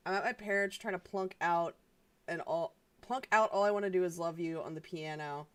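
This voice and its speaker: A woman's voice: fairly low pitch, normal speed, clean tone. A woman streamer chatting casually on a live stream, rambling with lots of filler words, stammered restarts and swearing.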